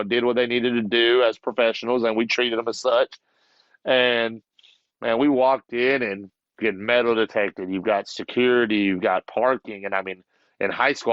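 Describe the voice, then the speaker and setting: A basketball coach in a podcast interview tells a casual story with animation, often laughing and acting out what others told him. He speaks at an ordinary middle pitch with a fairly bright tone. The recording is a little muffled and dry, with no room sound.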